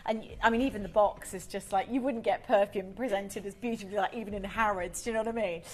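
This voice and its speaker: A woman's voice: medium pitch, fairly even intonation, fast talker. A woman presenting a live TV shopping show, chatty and effusive as she sells to viewers from the studio. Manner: effusive, chatty, enthusiastic selling.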